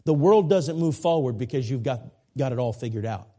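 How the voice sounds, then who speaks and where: A man's voice: mid-range voice, lively intonation, brisk, mellow. A man in his forties preaching a sermon as a guest preacher, earnest and repetitive, with folksy asides and self-deprecating jokes. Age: 40s.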